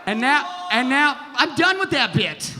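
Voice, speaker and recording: A man doing a brash, profane stand-up comedy set on a theater stage, shouting his punchlines. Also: very high-pitched, sing-song, unhurried. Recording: live theater with reverb and audience noise.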